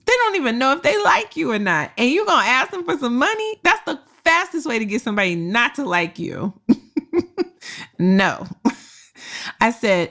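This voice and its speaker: A woman's voice: fairly high pitch, fairly bright tone. A woman hosting a career podcast, telling a story with frank, slangy and profane advice, laughing often. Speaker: podcast host and career coach.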